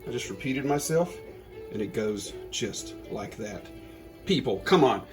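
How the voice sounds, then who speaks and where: Joking and chatting with viewers as he cooks, a home cook and channel host with a Southern Georgia accent leads a casual demo. His medium-pitched voice is expressive and unhurried, over background music in a rough recording.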